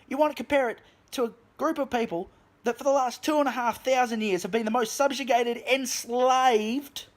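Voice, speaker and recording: An Australian man delivering an angry, profane rant to his camera in a vlog. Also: very high-pitched. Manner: profane, heated, shouts at times. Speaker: vlogger. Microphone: camera mic.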